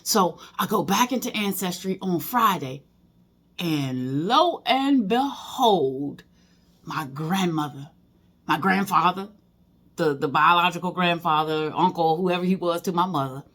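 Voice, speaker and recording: A woman's voice: fairly low pitch, normal speed, a bit bright. A middle-aged woman talking casually in a personal vlog, emotional and rambling, with many fillers and restarts. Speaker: vlogger.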